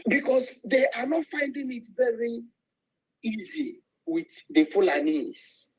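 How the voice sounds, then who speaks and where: A man's voice: extremely high pitch, big pitch swings, unhurried, darkish tone, breathy edge, rough recording. A man with a Nigerian Igbo accent giving an angry, emotional speech to an online voice room, calling out to listeners. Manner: emotional, angry, preaching, rising to cries. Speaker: speaker in an online activist voice room.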